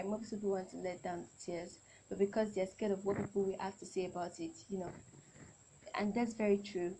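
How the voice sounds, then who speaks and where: A woman's voice: mid-range voice, darkish tone, slight background noise, low-quality recording. A young adult woman hosting a solo podcast, talking in a chatty, rambling way and often correcting herself. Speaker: podcast host.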